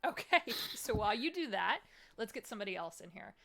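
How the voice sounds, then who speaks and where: A woman's voice: mid-range voice, big pitch swings, a little fast, creaky, fairly bright tone. A woman running a tabletop game as game master, describing scenes in a chatty, descriptive way with many fillers.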